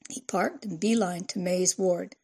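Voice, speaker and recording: A woman narrates a novel in a measured, even way. Her voice has a gravelly texture with a husky, breathy grain. She reads at a steady storytelling pace. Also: fairly low pitch. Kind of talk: audiobook narration.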